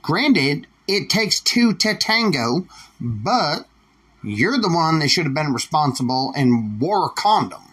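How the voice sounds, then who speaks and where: Husky, blunt podcast host. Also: male voice, a little high, sing-song, slow pace, a bit bright. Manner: profane, blunt, defiant. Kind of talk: solo opinion rant.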